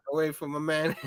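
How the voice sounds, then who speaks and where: High-voiced rambling comic show host. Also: male voice, no echo. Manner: rambling, filler-heavy, hums sound effects and laughs. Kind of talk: casual comic review.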